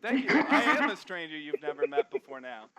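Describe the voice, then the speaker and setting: A man's voice: on the high side, sing-song, over a noisy crowd. A man hosting a casual movie podcast over a call, teasing his guests and laughing often. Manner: giggly, teasing, fast-talking. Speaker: podcast host. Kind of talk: casual group chat.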